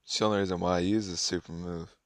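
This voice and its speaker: A man's voice: sits low, steady tone, fast, no room sound, clean studio sound. A man giving offhand, casual running commentary while playing a mobile game, muttering his thoughts as he goes.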